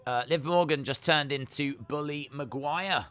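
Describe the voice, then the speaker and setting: A man's voice: a little high, unhurried, fairly bright tone, clean tone. A man hosting a live wrestling watch-along, reacting and joking as he watches, teasing and chanting taunts at the screen.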